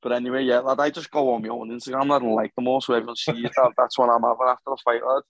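A man's voice: mid-range voice, little pitch movement, racing, no room sound, poor audio. A young man, an MMA fighter, chatting casually on a podcast in a blunt, sweary way. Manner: blunt and sweary, calls everyone lad.

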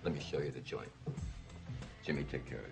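An actor playing a crude, boastful gangster boxing promoter who drawls slowly and laughs between lines. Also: male voice, rumbling low, vocal fry. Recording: film soundtrack with music behind.

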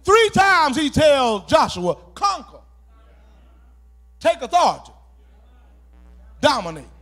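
A pastor preaching a sermon, calling for responses and shouting key words as he repeats phrases. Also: very high voice, very animated, slow.

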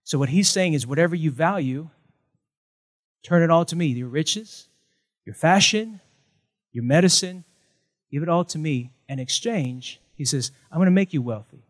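A man's voice: a little high, expressive, normal speed, long pauses. A male pastor, preaching a sermon with emphatic, punchy repetition and light jokes.

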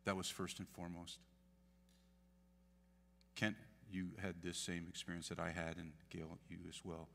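A very low-pitched man speaks as a pastor at a memorial. His tone is bright and forceful. He talks earnestly and pushes hard on key phrases, and the reverb of a long church hall trails after his words. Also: flat delivery, moderate pace, gravelly, pauses often, a little hiss or hum. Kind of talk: memorial eulogy. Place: church sanctuary.

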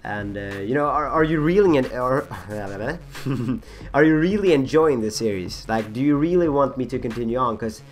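A young man with a husky voice rambling through casual gameplay commentary, full of fillers, restarts and self-mocking asides. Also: mid-range voice, expressive, moderate pace. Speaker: gaming channel host.

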